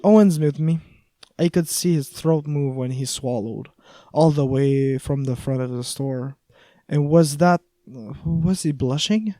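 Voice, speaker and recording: A man's voice: fairly high pitch, unhurried, mellow, no room sound. A man reading a first-person audiobook in a wry, conversational way. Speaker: audiobook narrator.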